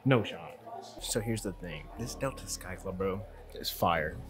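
A man's voice: sits low, expressive, unhurried. A young man talking in a casual, joking, slangy way as a travel vlogger.

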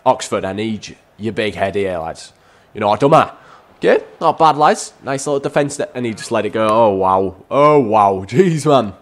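Excitable man giving gameplay commentary. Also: lowish voice, normal speed. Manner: excitable, keeps calling out to viewers as lads. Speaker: gaming YouTuber.

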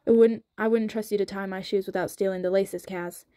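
A woman reading a sharp-tongued young healer who talks in an exasperated, quick-witted way. The delivery is flat and mellow. It comes from a dry, sped-up audiobook. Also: medium pitch, no echo, lightly acted.

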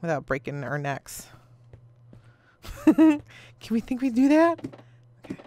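A woman's voice: fairly high pitch, very animated, slow, mellow, slight background noise. A woman in her thirties, a gaming video host, chatting casually and telling rambling stories while she plays, laughing often. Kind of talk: casual chat while playing a game.

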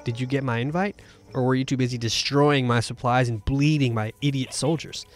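A man's voice: medium pitch, steady tone, a little fast, soft background music, lightly acted. A man voicing a smug, pompous male boar villain who is full of himself, reading out a sneering invitation in a theatrical way.

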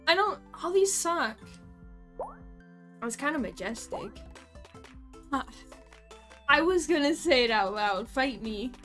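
A young woman streaming a game live, excitable and giggly, talking to herself as she plays. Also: high voice, slow pace, pauses often, faint music behind.

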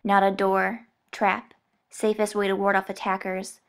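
Woman doing a halting, anxious boy. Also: medium pitch, completely flat delivery, smooth, natural voice. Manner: fragmented, halting. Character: confused, anxious boy clone.

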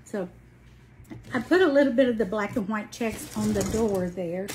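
A woman's voice: mid-range voice, moderate pace, noisy background. A woman in her late sixties with a Southern Alabama accent, hosting a casual craft livestream and chatting folksily while she works. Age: 60s. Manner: folksy, chatty, greets viewers by name.

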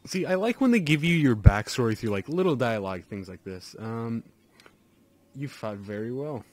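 A man's voice: medium pitch, expressive, moderate pace, a little mellow. A man giving goofy, rambling commentary while playing a video game. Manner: goofy, rambling, lots of ums. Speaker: let's play host. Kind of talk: casual gameplay commentary.

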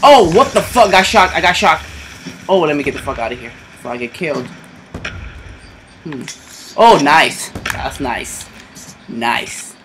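A man giving casual commentary over his own online shooter match, excitable and swearing constantly, yelping when something sudden happens. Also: fairly high pitch, measured pace, long pauses, a little hiss or hum. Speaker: gamer doing live commentary.

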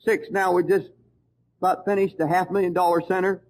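A man's voice: sits high, level tone, brisk, darkish tone, low-quality recording. A man preaching a sermon, telling a personal story in a fervent, conversational way and acting out the dialogue.

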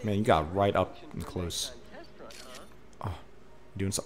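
A man playing a photo game and giving casual commentary, talking excitedly to the creatures on screen. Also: low-pitched, a little slow. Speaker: gaming streamer. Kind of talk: casual let's-play commentary. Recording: faint game music behind. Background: faint game music.

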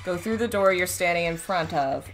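A woman streaming a horror game, giving casual, rambling commentary and thinking out loud as she plays. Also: lowish voice, moderate pace, faint music behind. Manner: chatty, rambling, thinks aloud. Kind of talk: live gameplay commentary.

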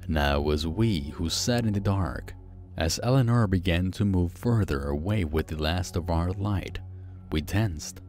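Deep, slow-spoken male horror narrator. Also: soft background music. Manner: slow, hushed, suspenseful delivery. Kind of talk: first-person horror audiobook narration.

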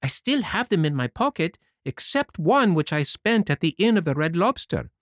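Pinocchio, as a man puts him on, high and boyish. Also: big pitch swings, moderate pace, no room sound, studio quality. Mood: chatty. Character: excitable wooden puppet boy, naive and eager.

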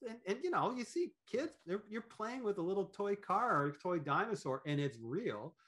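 A man talking as a podcast guest in an animated, rambling way, with many fillers and restarts. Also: high-pitched, moderate pace. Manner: animated, acts out quoted thoughts in voices. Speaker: podcast guest, business owner. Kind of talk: conversational interview.

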